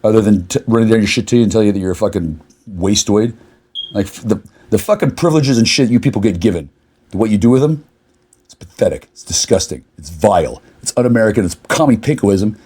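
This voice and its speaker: A man's voice: fairly low pitch, expressive, fast talker, a little mellow, slightly rough. A man delivering a furious, confrontational rant to the camera, swearing constantly. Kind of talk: angry profane rant.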